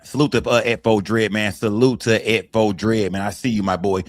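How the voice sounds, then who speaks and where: A man's voice: on the low side, fairly even intonation, moderate pace, no echo. Man hyping up his livestream chat. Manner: hypes the chat, gives shout-outs to viewers. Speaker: livestream host. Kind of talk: livestream hosting.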